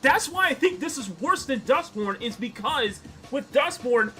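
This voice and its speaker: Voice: high voice, animated, unhurried, bright, forceful tone, faint music behind. A streamer in their thirties ranting heatedly about a game during a stream. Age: 30s. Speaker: gaming streamer.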